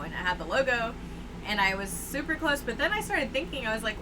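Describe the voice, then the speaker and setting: A woman's voice: medium pitch, expressive, brisk. A young woman from Texas, co-hosting a casual chat and telling stories with lots of fillers. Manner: chatty, storytelling with many "like" fillers. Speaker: co-host. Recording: noticeable background noise.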